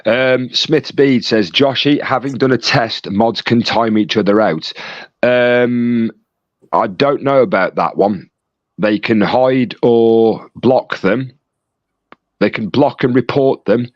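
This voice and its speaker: Speaking slowly at a medium pitch, this man plays chat moderator, reading live stream messages and bantering playfully with viewers. The phone-call audio is dry, dull and lo-fi, with no room sound at all.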